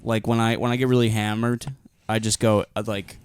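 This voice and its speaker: A young man chats on a podcast with a smooth, clear voice, trading deadpan lines and laughing through his stories. The sound is dry and close, with no room around it. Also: lowish voice, brisk, no echo. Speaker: podcast co-host. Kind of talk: casual chat.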